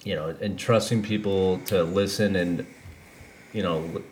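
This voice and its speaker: A man with a very low voice talks through his thoughts in a loose, rambling way, dropping casual swears. He hosts a podcast, there is faint noise underneath, and his tone stays candid and unpolished. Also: steady tone, unhurried, darkish tone. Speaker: podcast host. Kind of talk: casual chat.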